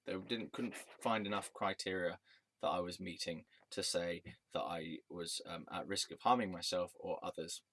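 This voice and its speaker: A man's voice: sits low, steady tone, moderate pace, fairly bright tone, dry recording. A man telling a personal story in a rambling, angry rant, swearing and restarting his sentences. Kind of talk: casual storytelling monologue.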